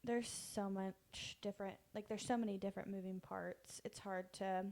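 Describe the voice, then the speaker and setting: A woman's voice: mid-range voice, fairly even intonation, normal speed, darkish tone. Easygoing woman podcast co-host. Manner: easygoing, steers the topics, laughs lightly. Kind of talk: casual book discussion.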